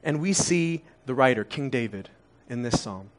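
A man's voice: mid-range voice, expressive, moderate pace. A man in his thirties, originally from Korea, preaching a conversational sermon full of rhetorical questions. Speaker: pastor.

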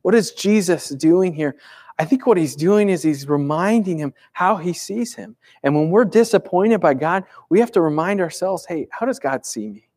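A man's voice: sits high, moderate pace, a little mellow. A man in his thirties preaching a sermon in a conversational way, asking the congregation rhetorical questions. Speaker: pastor.

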